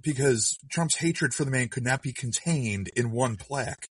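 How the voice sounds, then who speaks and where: Halting sardonic co-host on a distant mic. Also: male voice, mid-range voice, a bit bright, husky, no room sound. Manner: halting, repeats words, sardonic. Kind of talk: casual political podcast chat.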